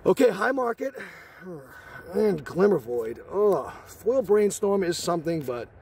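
An excited man hosting a card-opening video, exclaiming and joking in slangy chat, so thrilled he says he is shaking. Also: high voice, unhurried, creaky. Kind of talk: excited box-opening vlog.

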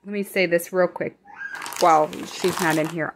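A woman's voice: fairly low pitch, steady tone, moderate pace, slight background noise. Chatty rambling young woman. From American Midwest. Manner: chatty, rambling, self-correcting; whispering. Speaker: vlogger. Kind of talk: casual grocery haul chat. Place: home.

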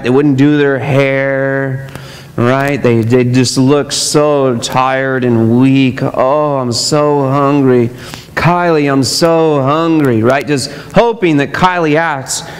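A man preaching a sermon as pastor, talking casually to the congregation and mimicking hypocrites in mocking voices. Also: on the high side. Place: church sanctuary. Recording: long church hall reverb.

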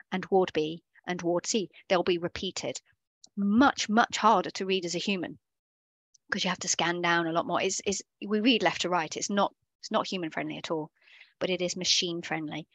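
Over a video call, this workshop instructor teaches coding live, talking in a casual, chatty way and often stopping to fix what she just said. She has a lowish voice and the audio has no echo.

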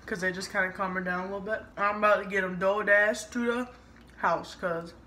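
A woman's voice: medium pitch, fairly even intonation, sharp tone. Chatty young Southern woman. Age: 20s. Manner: chatty, fills every pause with "like". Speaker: vlogger. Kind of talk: casual vlog chat.

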